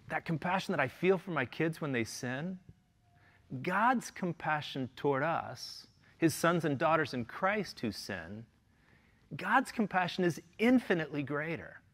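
A man's voice: a little high, animated, measured pace, fairly bright tone. A middle-aged man, a pastor preaching a sermon in an earnest way, asking his listeners question after question.

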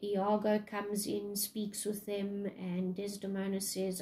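A woman's voice: mid-range voice, monotone, takes it slowly, warm tone, poor audio. A woman English teacher casually retelling a play in a lesson, chatty, with many fillers.

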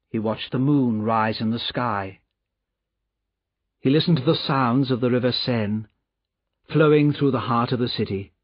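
A man reading a novel aloud as an audiobook narrator, in a slow, measured delivery. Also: medium pitch, breathy edge, no room sound. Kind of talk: scripted narration. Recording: dull, dry audiobook recording.

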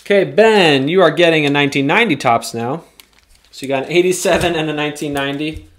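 Card break host, male, fairly high voice, excitable, loud whoops at big hits. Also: fast. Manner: reads player names off cards. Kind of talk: live card break commentary.

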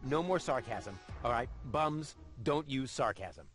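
A man's voice: medium pitch, lively intonation, unhurried, a bit bright, faint music behind. A man voicing a cocky, sarcastic young male game hero who teases others in a smug way. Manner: smug and sarcastic, teasing, sings a boastful rap. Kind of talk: video game voice acting.

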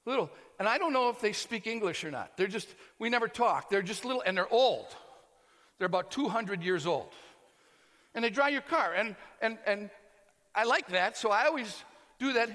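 American male preacher, high and bright, comic sermon story in a reverberant hall. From United States. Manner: animated, shouting and laughing through a story. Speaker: pastor.

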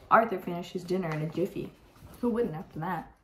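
In a poor-quality recording, a teenage girl reads a picture book to young listeners with character voices and chatty side comments. Her voice is on the low side and a bit bright, and she reads a little fast.

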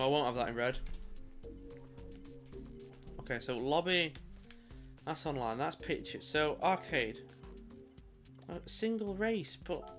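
A British gamer and video creator mutters through let's-play commentary on a video game, exasperated and sarcastic, with the odd swear word. His voice is fairly high and fairly bright.

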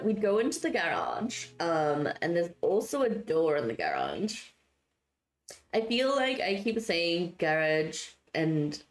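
A woman's voice: medium pitch, roomy sound. A woman streamer chatting casually and giggling with her viewers while she builds in a game, her voice still sleepy from just waking up. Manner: giggly and chatty, reading out and answering chat. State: just woke up, voice not warmed up.

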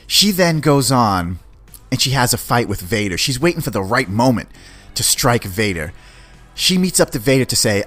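A man hosting a podcast, giving an excited, slangy, rambling review of a series. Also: medium pitch, normal speed, faint music behind. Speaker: podcast host. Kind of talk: casual film review.

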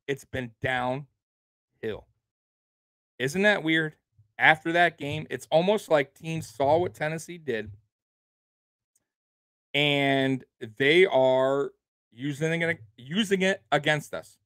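A man's voice: fairly high pitch, sharp tone, no room sound. A man hosting a sports show, ranting angrily about his team with lots of swearing, repeating himself and tacking "man" and "bro" onto his lines. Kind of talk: angry sports rant.

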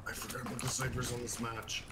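A man's voice: medium pitch, completely flat delivery, fast, heavy background noise. A man chatting casually with a friend while they play a game, rambling and swearing as he talks. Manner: rambling, swearing, hesitant restarts. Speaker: friend and co-player. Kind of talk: casual gaming chat.

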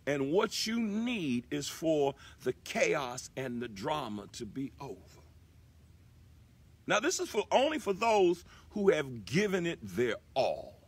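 A man's voice: on the high side, big pitch swings, takes it slowly, breathy edge. A man hosting a live inspirational broadcast, preaching emphatically and repeating his key lines. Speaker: broadcast host.

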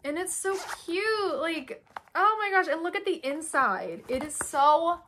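A young woman vlogger excitedly opening fan mail, gushing and gasping as she reads notes aloud. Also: extremely high pitch, a little slow, slight background noise. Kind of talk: excited unboxing chat.

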